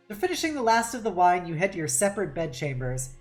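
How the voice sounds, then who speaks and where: A woman's voice: lowish voice, sing-song, fast, hardly any pauses, faint music behind. A woman streaming a game live, reading its text aloud in a playful, mock-dramatic way and laughing often.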